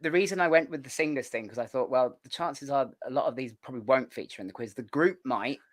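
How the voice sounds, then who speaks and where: A woman hosting a casual podcast chat, hesitant, often repeating her words and filling pauses with ums. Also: very deep voice. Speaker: podcast host.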